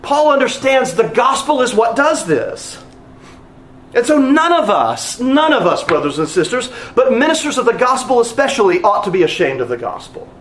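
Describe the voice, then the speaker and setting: A man's voice: very high-pitched, sing-song, normal speed, a bit bright, reverberant. A man preaching a sermon as pastor, earnest and emphatic, repeating phrases for weight.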